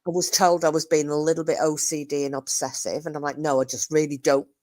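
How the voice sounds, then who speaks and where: A woman's voice: sits low, level tone, fast, a little mellow, no room sound, studio quality. A woman chatting as a guest on a livestream, laughing and telling stories. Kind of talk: casual chat.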